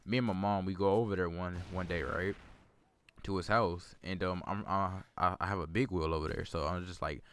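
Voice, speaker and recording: Rambling man with a lowish voice. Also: steady tone, brisk, clean tone, no room sound. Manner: rambling, repeats words, self-corrects. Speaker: gaming channel host. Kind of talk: casual storytelling over gameplay commentary.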